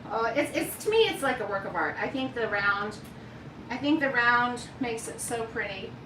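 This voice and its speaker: A woman's voice: on the high side, expressive, normal speed, reverberant, recorded from a distance, noisy background. A woman hosting a live cooking demonstration, chatty and folksy as she talks straight to her viewers from her home kitchen. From United States. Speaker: cooking show host.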